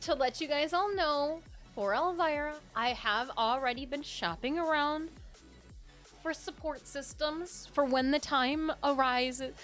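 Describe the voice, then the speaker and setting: A young adult woman streamer from Michigan, chatting casually with her viewers and often breaking into loud laughter. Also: high voice, a little slow, faint music behind. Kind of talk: casual live-stream chat while drawing.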